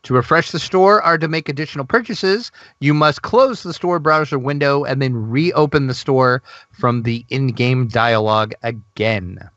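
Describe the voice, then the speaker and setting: Male co-host, excitable and gushy, casual gaming news chat; dry close sound. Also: medium pitch, moderate pace, dry recording, highs cut off. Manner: excitable, gushing, laughs often. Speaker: podcast co-host.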